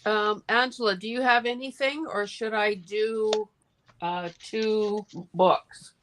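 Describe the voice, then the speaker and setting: Slow-spoken teasing woman. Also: mid-range voice, fairly even intonation, a bit bright. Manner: teasing, hesitant with uhs.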